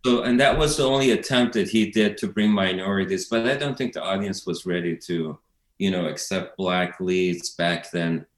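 A man's voice: deep voice, steady tone, normal speed. A man in an interview, telling stories in a loose, rambling way. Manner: rambling, storytelling, laughs while recounting. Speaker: documentary director, guest. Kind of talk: casual interview talk. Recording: echoey room.

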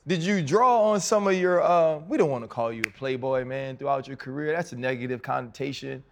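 A man's voice: medium pitch, a little fast, long reverb tail, slight background noise. A man co-hosting a podcast, asking teasing, rambling questions in casual chat. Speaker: podcast co-host.

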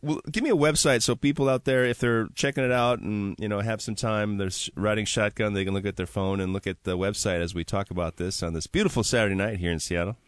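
A man's voice: lowish voice, fast talker, hardly any pauses, no echo. A man hosts a radio talk show. He asks curious questions with frequent hesitations. The studio sound is dry. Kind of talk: radio interview.

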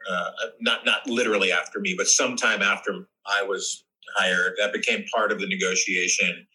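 A man guest chatting casually on a podcast, an animated storyteller who restarts his sentences. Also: low-pitched, moderate pace, slightly rough, low-quality recording. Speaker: actor guest.

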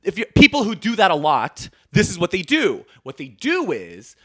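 A man's voice: sits high, wildly swooping pitch, normal speed. A man guesting on a podcast, talking in an emphatic, heated way in casual chat.

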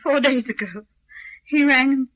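A shaken grieving girl in an old radio play, high bright voice, dry sound. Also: fairly even intonation, normal speed, no echo, highs cut off. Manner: hesitant, soft, upset. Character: shaken, grieving young woman. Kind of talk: vintage radio drama acting.

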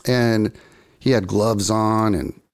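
An older man, a guest, telling a story in a casual, animated way, full of surfer slang and acted-out quotes. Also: on the low side, takes it slowly, smooth.

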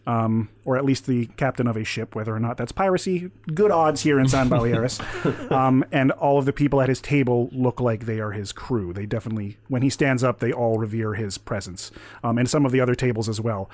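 Chatty game master, dry sound. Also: male voice, mid-range voice, brisk, a little mellow, dry recording. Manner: chatty, laughs while describing. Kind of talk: narrating a tabletop game.

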